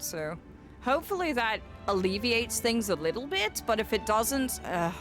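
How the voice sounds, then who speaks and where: Female streamer, very expressive pitch, chatty and playful, soft game music underneath. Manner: animated, rambling, playful. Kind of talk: casual gameplay commentary.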